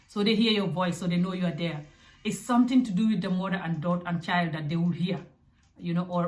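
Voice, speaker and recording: A young adult woman from Africa giving parenting advice in a casual, direct, animated way. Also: on the low side. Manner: animated and direct, with acted asides. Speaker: parenting vlogger. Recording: echoey room.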